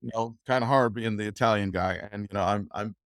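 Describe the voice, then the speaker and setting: A man's voice: lowish voice, fairly quick, fairly bright tone, dry recording, studio quality. An older man, a guest in an interview, talking emotionally and at length with frequent laughter and restarts. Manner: emotional, rambling, laughs often. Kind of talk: conversational interview.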